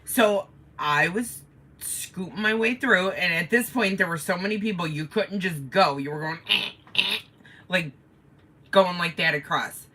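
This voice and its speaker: Bright, lowish-voiced woman telling a story. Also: unhurried. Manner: animated storyteller who swears freely. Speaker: co-host of a live chat stream. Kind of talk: casual storytelling chat.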